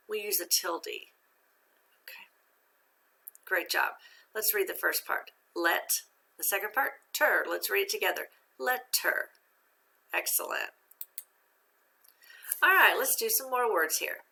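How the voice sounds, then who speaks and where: A woman's voice: medium pitch, vocal fry, pushed and bright. A woman teacher giving a phonics lesson to young students, patient and encouraging, asking questions and answering them herself.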